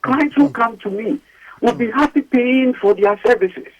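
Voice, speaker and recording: A man with a Ghanaian accent giving emphatic radio talk as a lawyer guest, repeating his points with sharp rises. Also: very high-pitched, a little slow, muffled recording. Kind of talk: animated radio talk mixing English and Twi. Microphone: studio mic.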